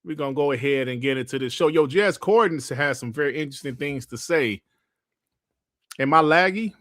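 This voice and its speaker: A man's voice: on the high side, a little fast, a bit bright, dry recording, studio quality. A man hosting a gaming podcast livestream in a casual, profane, laid-back way, grumbling at technical trouble. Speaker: podcast host.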